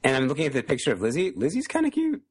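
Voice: medium pitch, huge pitch swings, rapid-fire, husky. A podcast co-host chatting casually, often rambling and correcting themselves mid-sentence. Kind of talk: casual group chat.

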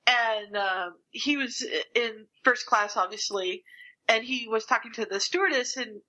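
A woman co-hosts a casual podcast, telling a story with lively animation. Her voice is higher than most and very bright. The recording sounds dull and slightly lo-fi. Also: measured pace. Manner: animated anecdote telling, acts out quotes. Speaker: podcast co-host.

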